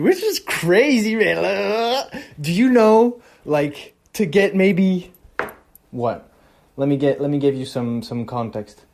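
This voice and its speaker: Excitable young man rambling in a vlog. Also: a little high. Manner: excitable, rambling, swears freely. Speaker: vlogger. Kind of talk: casual vlog monologue.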